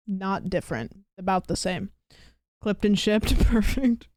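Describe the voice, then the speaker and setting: A woman's voice: mid-range voice, a little slow, darkish tone, no room sound, studio quality. A woman streamer chatting casually and playfully, giggling and swearing as she talks. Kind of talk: casual livestream chat.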